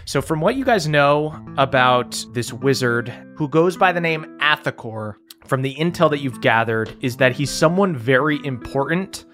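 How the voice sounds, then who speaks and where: A man narrating a tabletop game as game master, relaxed, with many fillers and frequent laughter. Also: medium pitch, moderate pace, soft background music.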